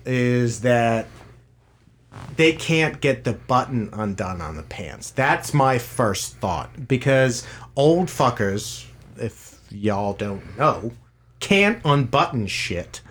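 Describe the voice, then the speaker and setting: A man tells a story in a studio podcast, crude and exasperated, swearing through every sentence. His pitch swings widely as he goes. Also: fairly bright tone. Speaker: podcast co-host telling a retail story. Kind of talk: casual profane storytelling.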